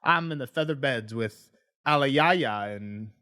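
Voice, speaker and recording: A man's voice: mid-range voice, lively intonation, slow pace, sharp tone, no echo, studio quality. A young man co-hosting a podcast, casually and animatedly retelling a book chapter, swearing freely and acting out the characters' lines. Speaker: podcast co-host.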